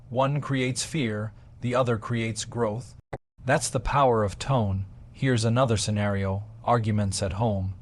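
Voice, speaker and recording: A man delivering a scripted motivational talk on communication, with measured, emphatic pacing and deliberate pauses. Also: fairly low pitch. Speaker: motivational speaker.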